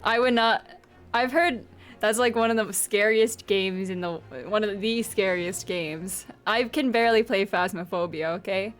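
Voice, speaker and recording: A woman's voice: mid-range voice, unhurried, faint music behind. A woman streamer chatting casually with her viewers, playful and giggly as she teases them. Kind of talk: casual live-stream chat.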